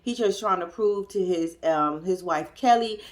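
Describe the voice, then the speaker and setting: A woman's voice: on the low side, measured pace. A woman giving a casual, blunt recap of a reality show, talking straight to viewers with slang and cussing. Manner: chatty, addresses viewers directly.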